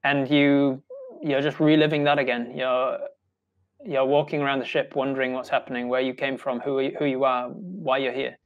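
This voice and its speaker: A man with a New Zealand accent narrating as game master, talking in a halting way with many restarts. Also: mid-range voice, flat delivery, phone-quality sound. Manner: halting, full of ums and restarts.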